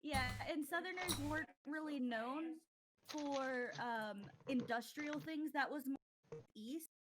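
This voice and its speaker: A woman's voice: sits high, takes it slowly, background noise. A woman who is a player in a tabletop game, chatting casually and jumping in with ideas.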